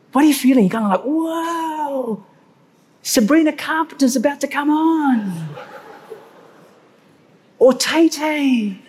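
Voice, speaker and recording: Animated preacher man in a reverberant hall. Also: sits high. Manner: animated, stretches key words slowly for emphasis. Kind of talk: sermon.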